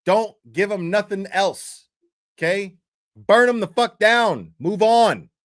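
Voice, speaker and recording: A man's voice: sits high, lively intonation, slow, no room sound, clean studio sound. A man hosting a commentary show, delivering a crude, profane rant with emphatic repetition. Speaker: commentary host.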